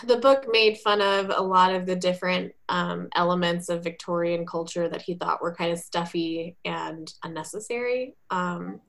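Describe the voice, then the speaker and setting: A woman's voice: on the low side, steady tone, normal speed, gravelly, hardly any pauses, a bit bright. A woman in casual chat as a podcast co-host, talking in a chatty way with many fillers.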